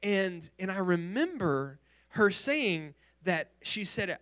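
Bright, clear-voiced male pastor preaching. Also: high-pitched, takes it slowly. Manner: animated storytelling with frequent restarts and repeated words. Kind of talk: sermon.

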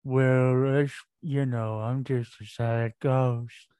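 A man voicing a sad ghost from a tabletop game in a slow, droopy drawl. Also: medium pitch, flat delivery, warm tone, clear, resonant tone, no room sound, voice pushed down, close to an everyday voice. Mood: mournful.

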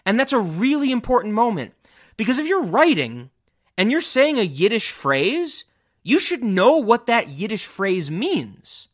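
A man's voice: high-pitched, sing-song, unhurried. A man hosting a casual film discussion podcast over a remote call, enthusiastic and rambling, swearing casually. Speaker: podcast host. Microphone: remote podcast call, cameras off.

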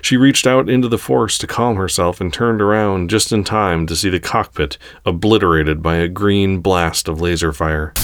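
A man reading a science fiction story aloud in a steady, unhurried way. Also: fairly low pitch. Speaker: narrator. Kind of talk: storybook narration.

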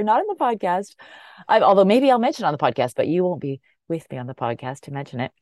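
A woman hosting a podcast, effusive with warm thanks and quick asides in a casual chat. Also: fairly low pitch, dry recording, studio quality. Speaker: podcast host.

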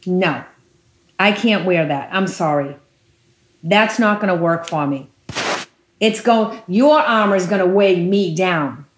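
A woman's voice: fairly low pitch, animated, slow pace, long pauses. A woman preacher voicing the young shepherd David as an earnest, confident youth, in her own speaking voice, with a roomy echo.

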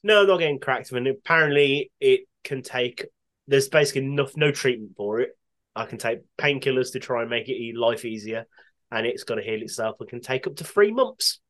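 A man's voice: mid-range voice, animated, fairly quick, a bit bright, low-quality recording. A man in a loose podcast chat, dry and self-mocking, with plenty of swearing. He talks in an easy, offhand way. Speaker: podcast co-host. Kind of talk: casual chat.

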